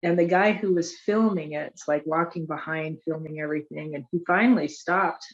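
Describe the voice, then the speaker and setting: A woman's voice: sits low, normal speed, muffled recording. A woman hosting a conversation, eager and chatty as she tells stories and asks questions. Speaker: host. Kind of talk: casual conversation.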